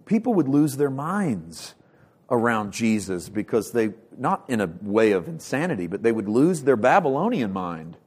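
A male pastor delivering a sermon with passion, swinging from loud bursts to hushed lines and repeating words as he builds emphasis. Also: mid-range voice, very animated, normal speed, breathy edge. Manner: impassioned preaching with sharp swings from loud to hushed.

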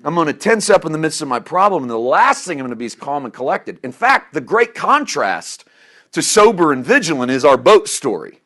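A middle-aged man preaching a sermon, swinging between loud emphatic lines and quiet asides, chuckling at himself now and then. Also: on the high side, sing-song, fairly quick. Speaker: pastor.

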